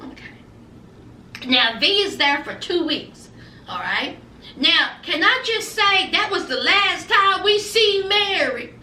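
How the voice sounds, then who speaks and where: A woman's voice: very high voice, sing-song, slow, bright, forceful tone, slight background noise. A woman recapping a reality show in casual, sassy commentary, retelling the drama with slang and flair. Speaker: reality TV reviewer. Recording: echoey room, mic at a distance.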